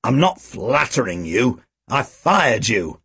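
A man voicing a gruff, heavyset middle-aged police chief who mutters and rasps with weary sternness. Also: medium pitch, animated, a little slow, no echo. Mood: scornful. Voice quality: rasping, muttering. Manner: tired, stern, exasperated.

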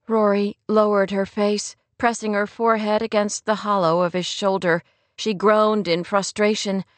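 A woman reading a novel aloud in a gentle, measured style at a middle pitch. The recording is dry and close, with no room sound. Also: flat delivery, no echo. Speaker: audiobook narrator. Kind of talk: scripted narration.

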